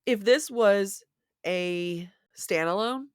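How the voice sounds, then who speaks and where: A podcast co-host chats casually about books, rambling and poking fun at herself with many restarts. Her mid-range voice is clean and slow-paced, captured in a dry, clean studio recording.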